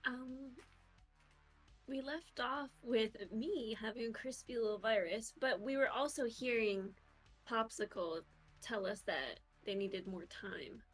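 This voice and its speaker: A woman's voice: on the high side, slow, soft background music. A woman playing in a tabletop game, talking casually and bubbly as she thinks aloud. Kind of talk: casual chat.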